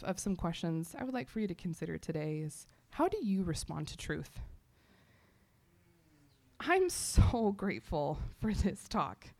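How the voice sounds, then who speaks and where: A woman from Texas, giving an animated personal testimony to a church audience, full of fillers and quoted self-talk. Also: mid-range voice.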